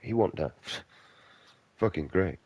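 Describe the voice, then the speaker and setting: A man's voice: low voice, lively intonation, slow, a little mellow, slightly rough, no echo. A man giving casual gameplay commentary, ranting bluntly and swearing a lot. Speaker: game streamer.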